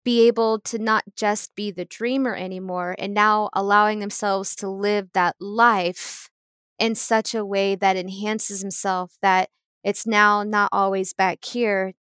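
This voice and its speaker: A woman's voice: medium pitch, fairly bright tone, smooth, dry recording. A woman in her thirties, an intuitive painter, telling rambling stories in casual chat and laughing often. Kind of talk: casual conversational storytelling.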